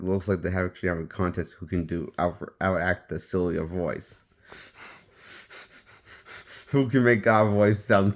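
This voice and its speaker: A man with a fairly low voice talks through a film review in a loose, unscripted way. He often breaks off and restarts his sentences as he goes. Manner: rambling, restarts sentences, offhand opinions. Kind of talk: casual spoken movie review.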